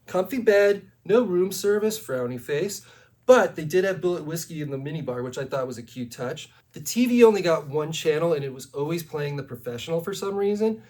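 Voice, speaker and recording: A man's voice: on the high side, lively intonation, brisk, darkish tone. A man delivering a chatty comic monologue as a self-absorbed travel influencer, breezy with dry asides. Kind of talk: comedic mockumentary monologue.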